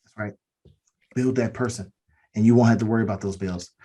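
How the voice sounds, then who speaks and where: A man's voice: fairly low pitch, steady tone, a little fast, warm tone, slightly rough. A man co-hosting a business podcast, giving an earnest motivational talk that keeps repeating its key phrases. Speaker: podcast co-host.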